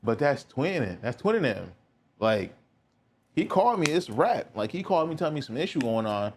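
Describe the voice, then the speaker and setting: A man's voice: medium pitch, sing-song, moderate pace, a little mellow, a little hiss or hum. A young man hosting a podcast, telling a personal story in a candid, rambling way with lots of filler words. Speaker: podcast host.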